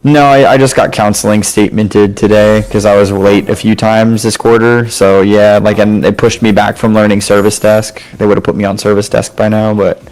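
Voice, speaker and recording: Blunt low-voiced man in casual chat. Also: little pitch movement, normal speed, hardly any pauses, darkish tone, faint music behind, poor audio. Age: around 30. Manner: blunt, opinionated, swears.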